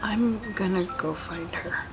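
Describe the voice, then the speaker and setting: A woman's voice: on the low side, unhurried, rough recording. A woman voicing a guarded, irritable teenage boy in an amateur voice drama, answering with short, defensive retorts. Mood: subdued. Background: background music.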